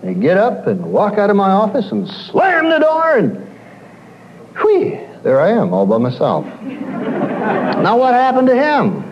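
Animated male counselor lecturing an audience. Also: high-pitched, unhurried, pauses often, highs cut off, some chatter behind, a little hiss or hum. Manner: animated storyteller, acts out quoted clients.

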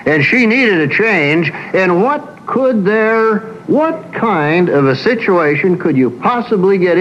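A male psychologist lecturing in a folksy, anecdotal way, slipping into the voices of the people in his stories. His voice sits a little higher than most men's. It comes through a dull, lo-fi old radio broadcast with a faint hiss behind it.

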